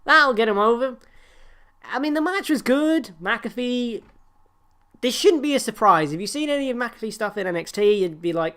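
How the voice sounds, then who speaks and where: A woman with a fairly high voice tears through a wrestling recap, swearing freely. Her storytelling is animated and ranting, and laughter keeps breaking through. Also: normal speed. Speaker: podcast co-host.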